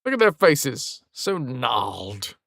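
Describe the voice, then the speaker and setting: A man's voice: mid-range voice, big pitch swings, slow, bright, forceful tone, no room sound, clean studio sound. A man casually commentating on a game during a live stream, chatting with viewers and swearing when things go wrong. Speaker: livestream gamer.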